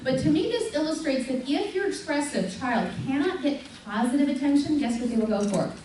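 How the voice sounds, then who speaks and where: Animated woman telling stories in an echoey hall. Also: brisk. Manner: animated storyteller, acts out voices of her daughter with big pitch jumps and laughs. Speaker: speaker at a parenting group. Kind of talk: live talk to an audience. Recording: echoey hall from far off, faint hum.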